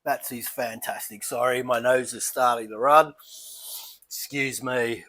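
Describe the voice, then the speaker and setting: A man's voice: mid-range voice, unhurried. Chatty Australian man tasting beer. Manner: relaxed, chatty, thinking aloud while eating and sipping. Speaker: beer reviewer. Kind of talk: casual tasting vlog.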